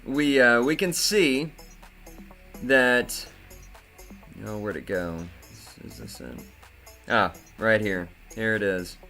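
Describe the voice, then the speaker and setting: A man's voice: on the low side, slow pace, pauses often, sharp tone. A man hosting a crypto news video, ranting angrily and swearing a lot, with faint music behind him. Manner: profane, heated ranting. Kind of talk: angry crypto news commentary.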